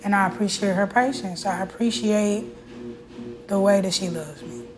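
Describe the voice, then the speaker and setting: A woman's voice: medium pitch, moderate pace, music in the background, rough recording. Candid, emotional woman host, casual talk. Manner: candid and emotional, with fillers and restarts. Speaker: podcast host.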